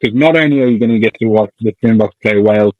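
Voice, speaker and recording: A man co-hosting a podcast, in casual chat, ranting in an animated, jokey way and swearing now and then. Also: lowish voice, fast, no room sound, muffled recording. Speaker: podcast co-host.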